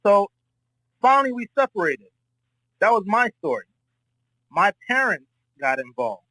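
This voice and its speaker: Caller: man from Florida, blunt, profane raconteur, slightly high voice. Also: sing-song, unhurried, bright, forceful tone, no room sound, low-quality recording. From Florida, United States. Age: adult, married. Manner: profane, rambling storyteller. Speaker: debate caller. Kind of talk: casual spoken debate.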